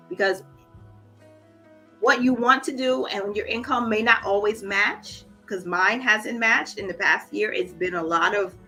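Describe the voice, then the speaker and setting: Female budgeting host on a casual livestream, bright tone, emotional, holding back tears, faint music underneath. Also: medium pitch. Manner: warm, encouraging, reads viewer comments aloud. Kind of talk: casual livestream chat with viewers.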